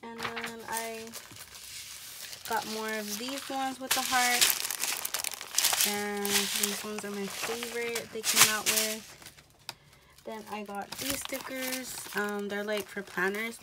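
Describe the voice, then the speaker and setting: A woman vlogger losing her voice, casually showing craft items and prices with many fillers, a child singing behind her. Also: mid-range voice. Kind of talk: casual haul show-and-tell. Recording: loud background noise. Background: child singing in the background.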